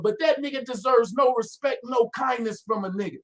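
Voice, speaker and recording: Man ranting loudly, profane and heated. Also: very high-pitched, moderate pace, hardly any pauses. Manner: heated, profane, often shouting; calmer, reflective stretches. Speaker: online commentator. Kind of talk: angry ranting commentary.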